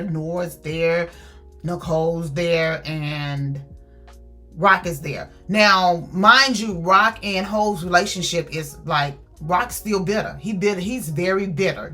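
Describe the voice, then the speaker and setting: A woman's voice: lowish voice, pushed and bright. A woman chatting casually through a book review, retelling the story with lots of fillers.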